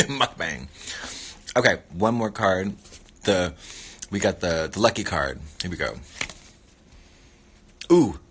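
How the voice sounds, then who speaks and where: A man's voice: deep voice, animated, slow, pauses often, fairly bright tone, slightly rough. A man hosting a casual livestream, chatting playfully while he eats and rambling between muttered catchphrases. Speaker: livestream host.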